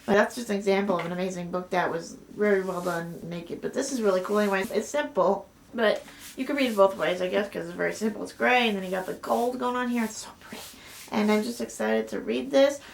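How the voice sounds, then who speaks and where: A young woman vlogger chatting casually and excitedly about new books, full of gushing exclamations and fillers. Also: medium pitch, fast talker, gravelly, slight background noise. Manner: gushing, excitable, many "like"s and "oh my God"s. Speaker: book vlogger. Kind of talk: casual book haul chat.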